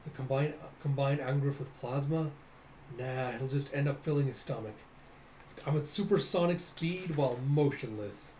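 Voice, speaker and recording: A man voicing a hot-headed young male cyborg fighter, gruff and brooding, in an echoey room. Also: mid-range voice, moderate pace, darkish tone, slight background noise, lightly acted.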